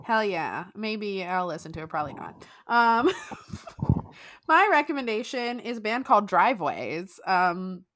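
Giggling and cursing freely, this young podcast co-host keeps the casual chat lively with frequent laughter. She speaks at a measured pace in a mid-range voice, with no room sound.

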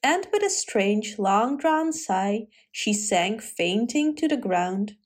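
A woman narrates a fairy tale in a gentle, expressive way, her voice sitting a little high for a woman. She reads steadily, leaning into the descriptive passages. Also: slow pace. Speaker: storyteller. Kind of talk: fairy tale read-aloud.

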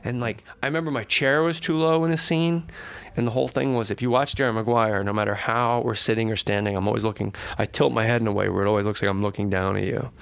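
A middle-aged man, a guest comedian, telling an animated, profane anecdote in casual chat and acting out the people in it. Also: lowish voice, creaky, dry recording. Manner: rapid, profane, animated storyteller who acts out the other people in his stories.

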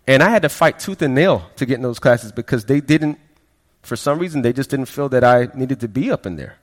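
A man with an expressive mid-range voice talks briskly through a sermon testimony, recorded with long hall reverb. His storytelling is conversational, full of stammered repeats, and he quotes people more quietly.

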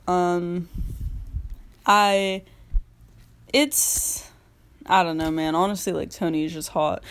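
A woman's voice: lowish voice, no echo. Rambling teen girl podcaster, dry close mic. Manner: rambling, heavy use of "like" fillers. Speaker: podcast host. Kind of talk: casual solo podcast chat.

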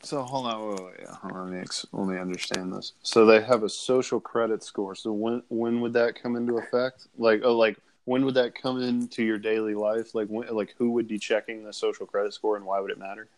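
A man's voice: lowish voice, little pitch movement, fairly quick, few pauses. A young man co-hosting a casual podcast, rambling with lots of filler words, swearing and laughing often. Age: young adult. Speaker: podcast co-host. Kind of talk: casual chat.

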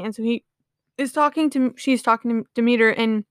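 A woman's voice: fairly high pitch, normal speed, clear, resonant tone, no echo, clean studio sound. A woman casually retelling a myth to her viewers, rambling with lots of "like" and "you know".

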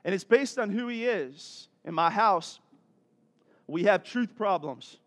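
Animated high-voiced male preacher. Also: takes it slowly. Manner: laughs often, conversational. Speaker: pastor. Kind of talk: sermon.

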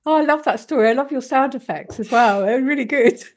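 A woman's voice: high voice, a little fast. A woman hosting a podcast, reacting with effusive enthusiasm and asking her guest questions. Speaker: podcast host. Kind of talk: conversational interview.

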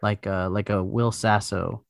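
A man's voice: on the low side, level tone, a little slow, gravelly, dry recording, studio quality. A man co-hosting a podcast, chatting casually and rambling with many fillers. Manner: rambling, lots of "like". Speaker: podcast co-host. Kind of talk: casual chat.

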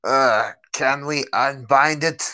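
A man's voice: medium pitch, takes it slowly, sharp tone, dry recording. Man player describing his character's actions. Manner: hesitant, restarting narration of his character. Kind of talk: tabletop game play.

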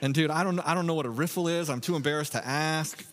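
A pastor preaches a sermon, starting with a relaxed, self-deprecating story told conversationally before turning to scripture. He speaks fast and on the high side, in a big-room sound.

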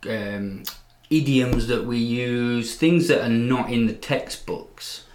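A man, a teacher co-hosting a casual podcast chat, relaxed with wry asides. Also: mid-range voice, slow pace. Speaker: English teacher and podcast co-host. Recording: echoey room.

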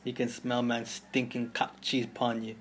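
A man with a Jamaican accent voicing an enraged, jealous father who shouts harsh insults. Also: medium pitch, completely flat delivery, unhurried, slightly rough.

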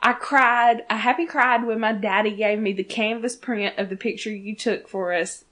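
Woman, 30s, podcast co-host, casual chat, laughs a lot, swears, fairly high voice. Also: moderate pace. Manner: excitable, laughs often, swears freely.

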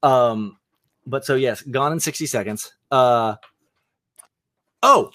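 A man's voice: medium pitch, slow pace, sharp tone, no room sound. A young man hosting a casual movie chat, enthusiastic and joking, rambling with fillers. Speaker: podcast host.

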